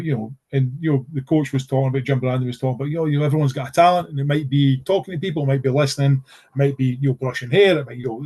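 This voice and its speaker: A middle-aged Scottish man talking in a relaxed, earnest way as a podcast guest, circling back with fillers and false starts as he tells a story. His voice sits at an ordinary middle pitch for a man. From Scotland. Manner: rambling, many fillers and restarts, earnest. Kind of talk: casual conversational storytelling.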